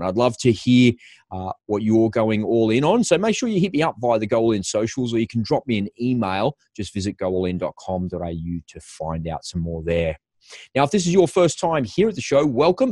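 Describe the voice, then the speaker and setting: An upbeat man hosts an interview podcast. His pitch is mid-range, and his polished, promo-style delivery is recorded dry and close, with no room echo. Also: darkish tone. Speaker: podcast host.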